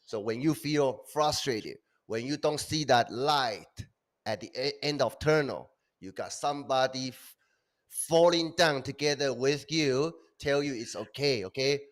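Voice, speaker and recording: A man's voice: medium pitch, measured pace. A man co-hosting a live online business show, giving coaxing motivational encouragement and checking in with listeners often. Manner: coaxing, punctuates with "okay?". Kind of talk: motivational livestream talk.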